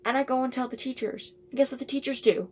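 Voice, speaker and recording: A woman's voice: sits high, fast talker, darkish tone, a little hiss or hum. A teenage girl telling a casual storytime, rambling and chatty with lots of asides and fillers. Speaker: vlogger.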